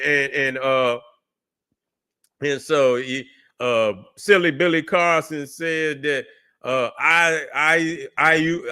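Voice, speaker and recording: A man hosts a livestream and rants in a slow, drawn-out way, stacking up fillers and restarts. His voice sits a bit high for a man and rings bright and clear. He sounds profane and mocking. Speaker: livestream host. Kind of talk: casual ranting commentary.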